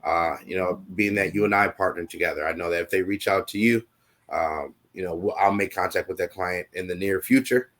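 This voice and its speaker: A man with a deep, fairly bright voice co-hosts a casual talk show, speaking briskly. He rambles reassuringly and uses many fillers.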